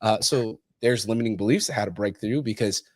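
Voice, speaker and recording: A man in his thirties talks at a rapid clip, his low voice laid over a dry, close sound with no room to it. He tells stories in a blunt, animated way and swears freely as a podcast host. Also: dry recording. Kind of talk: casual podcast chat.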